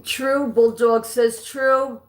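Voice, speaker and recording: A woman's voice: on the high side, flat delivery, extremely slow. A woman hosting a live-stream trivia game, chatting with viewers and reading questions aloud, sometimes stumbling and restarting a line. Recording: echoey room.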